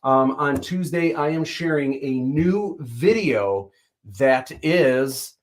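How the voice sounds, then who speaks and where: A man's voice: on the high side, expressive, slow pace. A man hosting a casual livestream, announcing upcoming plans in an upbeat way with many ums. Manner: upbeat announcer-like, hesitant with fillers. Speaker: host.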